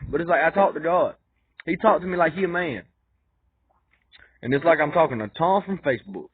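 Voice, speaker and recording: A man rambling through a fervent, repetitive monologue, swinging between loud insistence and low muttering. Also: normal speed, slightly rough. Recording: tinny phone-like dry recording.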